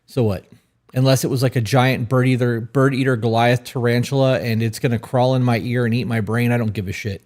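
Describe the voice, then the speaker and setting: A man's voice: medium pitch, fairly even intonation, a little fast, darkish tone. A man co-hosting a casual chat in a blunt, offhand way. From Florida, US. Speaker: podcast co-host.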